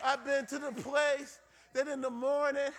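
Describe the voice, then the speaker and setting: A middle-aged pastor in the pulpit, his voice sitting very high for a man. He preaches in a rolling, repetitive cadence, driving single words home again and again and swelling into shouts before dropping back low. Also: little pitch movement, a little slow. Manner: preaching in call-and-response cadence, repeating phrases and building to shouts. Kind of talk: sermon.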